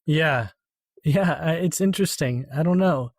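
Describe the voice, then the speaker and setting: A man chatting casually about a film on a podcast, animated, now and then lowering his voice to quote lines. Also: unhurried, dry recording, studio quality.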